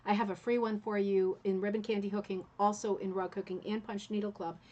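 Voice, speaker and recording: A woman hosting a craft channel, telling history in a relaxed, conversational way. She drifts through asides and tag questions like "right?" and pads her talk with plenty of "um" and "uh". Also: medium pitch, brisk, lo-fi sound. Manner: chatty, many fillers and "right?" asides. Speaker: rug hooking channel host. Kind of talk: casual history talk to viewers.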